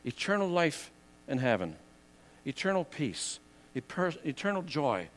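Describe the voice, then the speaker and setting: An older man preaching a sermon, earnest and conversational, swinging from loud emphatic lines to quiet asides. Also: a little high, very animated, unhurried.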